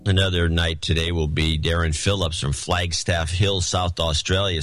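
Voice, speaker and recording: A man's voice: sits low, level tone, normal speed, over music. A man co-hosting a podcast in casual chat, joking as he reads listener notes aloud. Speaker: podcast co-host.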